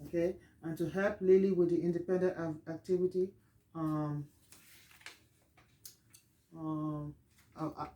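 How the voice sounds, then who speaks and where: A teacher explains a reading lesson plan in a halting way, pausing often to gather thoughts. The voice is middling in pitch with a level tone, and the recording sounds muffled.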